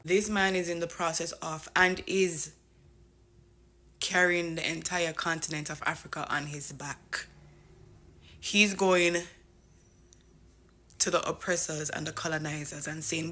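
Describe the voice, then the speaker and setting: Woman vlogger, lower pitch, bright tone, animated casual chat. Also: unhurried, long pauses. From Jamaica. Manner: animated, thinks aloud, swears casually. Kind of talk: casual commentary.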